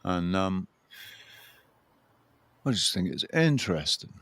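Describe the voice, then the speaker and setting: A man with a low, deep voice hosts a casual livestream, chatting loosely and greeting viewers by name. His voice sounds dry and close, with almost no room around it. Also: big pitch swings, slow pace, a bit bright, no room sound. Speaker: livestream host. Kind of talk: casual chat.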